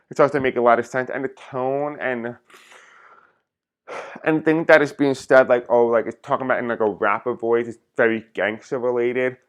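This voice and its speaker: A man's voice: medium pitch, a bit bright. A man talking casually to his viewers as a tarot reader, speaking directly to them. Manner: chatty, addresses viewers directly. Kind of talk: casual vlog talk to viewers.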